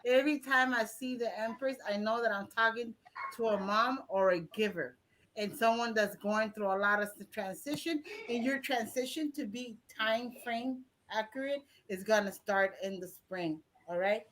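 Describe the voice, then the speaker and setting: A woman's voice: fairly high pitch, moderate pace, a bit bright, slight background noise, low-quality recording. A woman with a Mexican accent giving a blunt, profane, rambling tarot reading on a live stream. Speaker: tarot reader.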